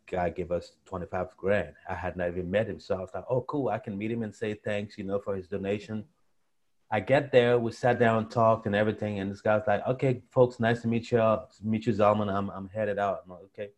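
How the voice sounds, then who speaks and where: A young man telling his story as a guest in an interview, acting out the voices of the people he quotes. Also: lowish voice. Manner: animated storyteller, acts out quotes.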